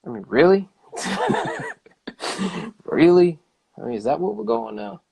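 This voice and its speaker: A man vlogging a casual rant, emphatic and animated, repeating himself and swearing. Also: sits high, slow pace, vocal fry, breathy edge.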